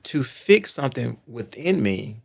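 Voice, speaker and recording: Gravelly man telling his story. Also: medium pitch, sing-song, measured pace. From Texas. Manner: earnest storyteller, emphatic repetition, asks "right?". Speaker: podcast guest. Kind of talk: casual podcast conversation.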